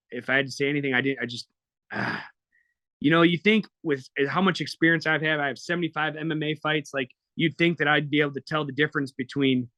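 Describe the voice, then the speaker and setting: Here the same kind of guest, a fighter in his thirties, has a fairly high, sharp-toned voice. He's candid on the podcast, blunt and emotional, cursing a lot as he recounts things, and there's no echo.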